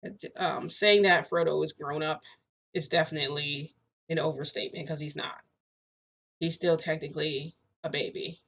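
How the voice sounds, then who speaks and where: A woman vlogger telling a long story in a casual, excitable way. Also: deep voice, normal speed. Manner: excitable, chatty retelling full of "I'm like" and "freaking".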